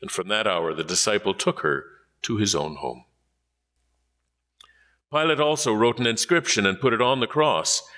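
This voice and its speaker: A man reading scripture aloud in a measured, solemn manner. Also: lowish voice, bright, forceful tone. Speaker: scripture reader.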